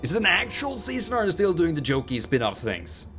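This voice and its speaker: Casting note: male streamer, sarcastic and chatty, lively intonation. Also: a little high, fast talker, soft background music. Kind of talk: live gameplay commentary.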